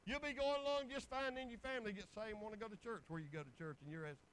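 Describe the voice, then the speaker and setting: High-voiced preacher man. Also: rapid-fire, fairly bright tone, a little hiss or hum, poor audio. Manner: folksy storytelling with bursts of exclamation. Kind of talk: sermon testimony.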